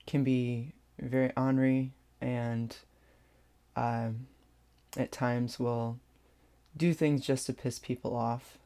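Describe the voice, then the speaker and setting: A vlogger telling a personal story in a hesitant way, with many pauses and restarts. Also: medium pitch, dark tone.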